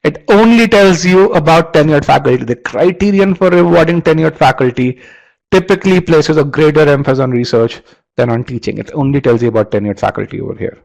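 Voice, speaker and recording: A man's voice: fairly high pitch, a little fast, vocal fry, a little mellow, low-quality recording. A man teaching a live online webinar, often repeating words as he restarts and quizzing his audience. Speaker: online course instructor.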